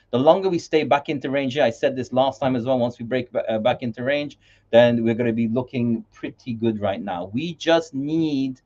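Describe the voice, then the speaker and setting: A man's voice: mid-range voice, darkish tone, lo-fi sound. A man hosting a casual crypto market livestream, rambling with many fillers and restarts while sharing his screen.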